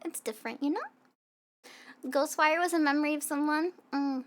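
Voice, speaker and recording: A woman's voice: high voice, normal speed. A young American woman with a Southern accent, rambling and giggling as she chats with viewers at the end of a stream. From United States. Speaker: VTuber streamer. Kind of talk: casual stream chat. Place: hot room at home. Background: faint background music.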